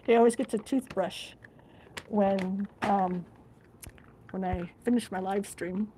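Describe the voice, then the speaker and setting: A woman's voice: mid-range voice, steady tone, slow pace, long pauses, warm tone. A woman live streaming from her living room, chatting casually, reading viewer comments and talking to her dog. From Alaska. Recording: noisy home recording.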